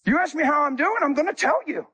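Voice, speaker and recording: A man preaching a sermon as a guest speaker, animated, telling stories with acted-out dialogue. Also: extremely high pitch, quick pace.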